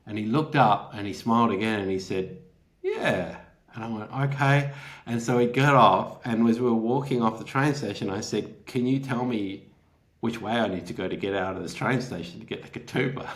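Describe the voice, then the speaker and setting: A man's voice: fairly low pitch, fairly quick. A man, a writer, telling an anecdote as a guest, laughing often and acting out the quotes. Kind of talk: anecdotal storytelling in an interview.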